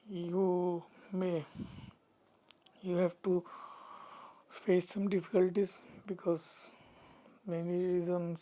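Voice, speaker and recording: Woman, low flat delivery, slow and hesitant, narrating a coding walkthrough. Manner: halting, hesitant, many restarts. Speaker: programming tutor. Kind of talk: screen-recorded coding walkthrough.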